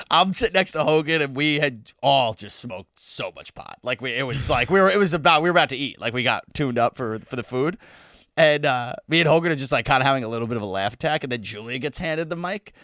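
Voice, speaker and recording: A young man co-hosting a podcast in casual chat, animated and laughing often as he tells stories. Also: medium pitch, brisk, dry recording, clean studio sound. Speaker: podcast co-host.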